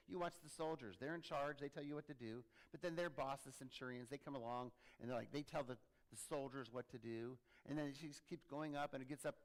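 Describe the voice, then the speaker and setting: A male pastor preaching a sermon, animated, acting out quoted voices with sudden loud, high bursts. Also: gravelly.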